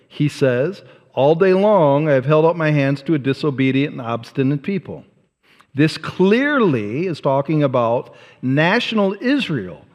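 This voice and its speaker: A male pastor preaching a sermon, emphatic, asking rhetorical questions and swinging from loud to soft. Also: a little high, long reverb tail. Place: church sanctuary.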